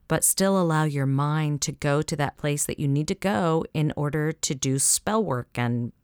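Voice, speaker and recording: A woman with a Southern US accent talks in a loose podcast chat. Her voice sits on the low side, and she speaks in an animated way that often breaks into laughter. The sound is dry and close. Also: clear, resonant tone, no echo. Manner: chatty, animated, laughs often, trails off mid-sentence. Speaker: podcast co-host. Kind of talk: casual chat about witchcraft practice.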